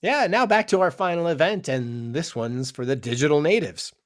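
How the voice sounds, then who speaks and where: A man's voice: fairly high pitch, expressive, normal speed. A man co-hosting a podcast in casual scripted banter, upbeat and reading segues and sponsor lines. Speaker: podcast co-host.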